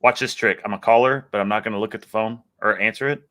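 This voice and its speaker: Jokey Texan man, bright voice. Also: fairly low pitch, fairly even intonation, fast. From United States. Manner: jokey storyteller, laughs often. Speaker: host. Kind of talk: casual chat.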